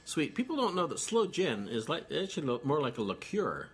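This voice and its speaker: A man in loose, easygoing chat, his stories wandering with plenty of fillers and restarts. His voice is slightly high and rises and falls a great deal. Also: sing-song, fairly quick, a little hiss or hum. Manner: rambling with many fillers and restarts. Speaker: cocktail show co-host. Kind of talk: casual chat.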